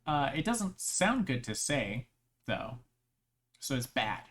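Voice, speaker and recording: An unhurried live streamer at a middle-pitched voice, talking in a loose, playful ramble. Thoughts trail off and restart, and laughter breaks in often during this casual stream chat. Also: very animated, fairly bright tone. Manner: halting, with many restarts.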